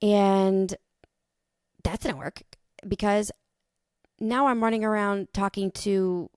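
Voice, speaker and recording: A woman in her thirties hosting a podcast, thinking out loud in a rambling, casual monologue with the odd swear. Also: medium pitch, steady tone, takes it slowly, clear, resonant tone, no room sound, studio quality. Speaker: podcast host.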